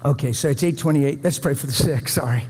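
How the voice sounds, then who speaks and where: A man's voice: medium pitch, brisk, warm tone, slightly rough. A man preaching a sermon to a room, folksy and conversational, pleading with his listeners. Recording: long hall reverb.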